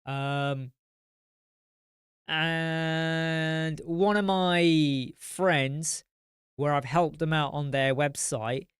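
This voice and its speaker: A man's voice: a little high, drawn-out words, smooth, no echo, studio quality. A man hosting a casual live chat, tired and yawning, rambling as he answers viewer comments.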